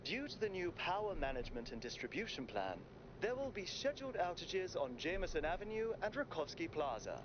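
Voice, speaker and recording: A man's voice: high-pitched, sing-song, brisk. A man voicing a formal male city announcer who reads a public notice in a video game. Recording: dull audio with clear noise.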